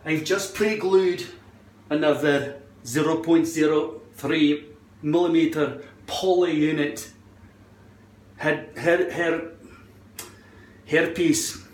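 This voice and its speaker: A man tries out a put-on Scottish accent as he casually walks through a hair-care routine. He is playful and a little sweary. His voice sits somewhat high, and the room around him is roomy and echoey. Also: steady tone, slow, pauses often, slight background noise. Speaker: hairpiece vlogger. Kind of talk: casual how-to vlog. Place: room at home by a mirror.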